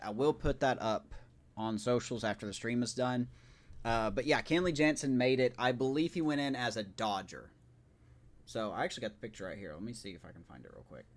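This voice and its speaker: A man with a medium-pitched voice streams a video game live. He chats casually with his viewers, rambling and correcting himself as he goes.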